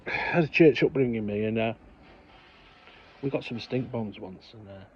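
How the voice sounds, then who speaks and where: A vlog co-host with a lowish male voice speaks at a moderate pace, casually telling funny childhood stories outdoors on a hot, sunny day and laughing at his own tales. The lo-fi recording sounds slightly dull, with faint ambience and slight background noise.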